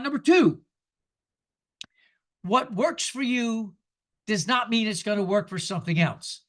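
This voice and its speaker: A man in his seventies giving a sermon, emphatic and lively, asking the congregation rhetorical questions. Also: high-pitched. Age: 70s. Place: church sanctuary.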